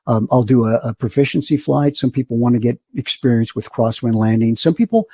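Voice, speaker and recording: A man's voice: mid-range voice, brisk, slightly rough, dry recording. An older man, a flight instructor, telling stories as a podcast guest and acting out the voices of the people in them. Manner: animated storyteller, acts out the voices of others. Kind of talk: storytelling in a podcast interview.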